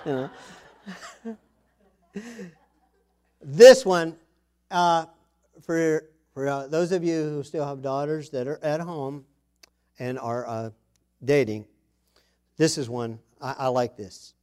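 Male pastor, high voice, folksy humorous sermon, chuckles between lines. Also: slow pace, long pauses. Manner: chuckles often, storytelling, loud punchy emphasis.

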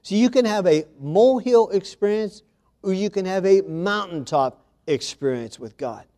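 A man preaching a sermon in a warm, mellow voice that sits a little higher than most. He speaks with emphasis, reading scripture aloud and addressing his congregation directly. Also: animated, moderate pace.

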